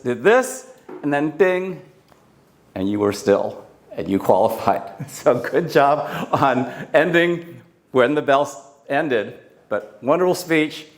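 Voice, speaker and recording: A man evaluating a speaker at a club meeting, an encouraging coach who mixes praise with advice in an expressive way. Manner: expressive, often shifting pitch and pace. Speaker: speech evaluator.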